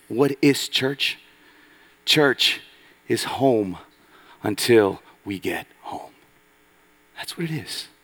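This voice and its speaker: A man preaches a sermon in a church. His voice has a gravelly, creaky edge. He swings between loud emphatic lines and hushed, low passages. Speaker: pastor. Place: church sanctuary.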